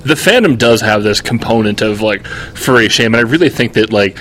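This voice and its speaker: A man's voice: fairly low pitch, a little fast. A man co-hosting a podcast, telling stories in a rambling casual way full of "like". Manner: rambling, heavy use of "like", animated retelling. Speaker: podcast co-host. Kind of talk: casual chat.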